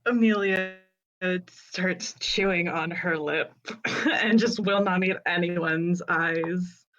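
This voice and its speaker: A woman's voice: on the low side, fairly even intonation, slow, fairly bright tone, highs cut off. A woman playing a tabletop role-playing game, casual and giggly as she describes her character's actions. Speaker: player.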